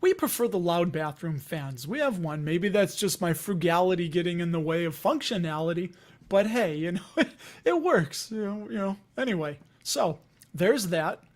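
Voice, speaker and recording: A man's voice: high voice, lively intonation, moderate pace. A man with a Chicago accent hosting a casual livestream, rambling and chatty, laughing often as he talks to viewers. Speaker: investing livestream host.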